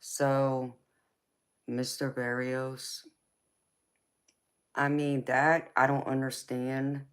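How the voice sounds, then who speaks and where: A woman from Georgia with a Southern accent, hosting a live tarot stream and chatting warmly with viewers, calling them honey and baby and laughing often. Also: rumbling low, little pitch movement, clear, resonant tone. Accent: Southern American. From Georgia, United States. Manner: slow, unhurried, laughs often.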